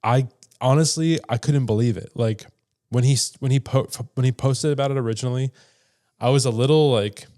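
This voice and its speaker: A man's voice: medium pitch, fairly even intonation, fairly quick, darkish tone. A young man co-hosting a podcast, chatting casually and rambling with frequent restarts. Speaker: podcast co-host. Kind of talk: casual chat.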